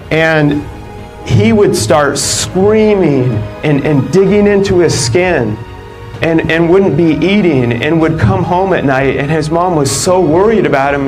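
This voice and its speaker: Male keynote speaker in his thirties, a bit higher-pitched, chatty and animated, faint music behind. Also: poor audio. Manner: animated, conversational, many "like" fillers, laughs between lines. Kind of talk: motivational keynote storytelling. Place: live event stage.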